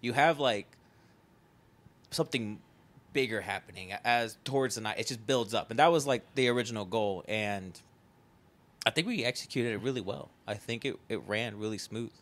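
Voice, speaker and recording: A man's voice: fairly low pitch, moderate pace, fairly bright tone. A young man, a festival founder, talking casually on a podcast in a rambling way full of fillers and the odd swear.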